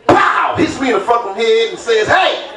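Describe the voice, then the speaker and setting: A man performing a stand-up comedy set, telling a story loudly and acting out the voices of its characters. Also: very high voice, animated, normal speed, vocal fry, heavy background noise. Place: comedy club stage. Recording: roomy club sound from a distant mic with crowd laughter.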